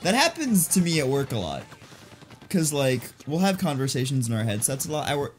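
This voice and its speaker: A man's voice: fairly high pitch, very animated, a little fast, faint music behind. Joking young man chatting over gameplay. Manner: joking, rambling, laughs often. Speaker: co-host of a gaming channel. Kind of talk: casual let's-play banter.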